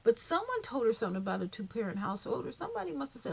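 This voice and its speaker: A woman's voice: high-pitched, expressive, very fast, creaky, few pauses, darkish tone. A woman vlogger giving a sassy, repetitive commentary rant about an interview she watched, calling the viewer honey and girl. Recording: muffled lo-fi sound.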